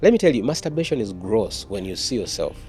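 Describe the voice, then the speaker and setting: A man's voice: lowish voice, very animated, fast, darkish tone, soft background music. A man, an evangelist telling his personal testimony in an interview, earnest and often repeating words and restarting.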